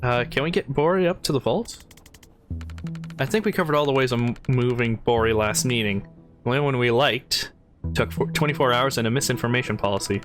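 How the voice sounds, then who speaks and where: A man narrating a tactics game, reading each character's lines aloud in his own voice at a middling pitch. He slips out of the script now and then to chat. Faint music sits under his voice. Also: fairly quick, a bit bright. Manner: reads lines aloud with chatty asides. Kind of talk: casual let's-play narration.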